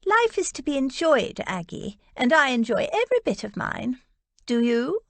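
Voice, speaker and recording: Woman voicing a cheerful elderly aunt, gentle, chatty, lilting, storybook reading. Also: high-pitched, very animated, moderate pace, no echo, pitched above the performer's own voice.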